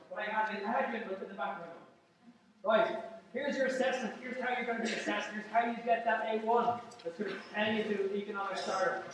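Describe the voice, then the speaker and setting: High-voiced man lecturing in an echoey hall. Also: distant mic. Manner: joking, emphatic, repeats phrases. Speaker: university lecturer. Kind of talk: classroom lecture.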